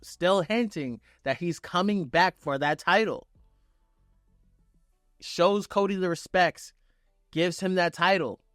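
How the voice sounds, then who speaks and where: Excitable, foul-mouthed man recapping wrestling. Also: a little high, no echo, clean studio sound. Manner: excitable, profane play-by-play retelling. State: on vacation. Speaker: wrestling reviewer. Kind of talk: casual reaction review.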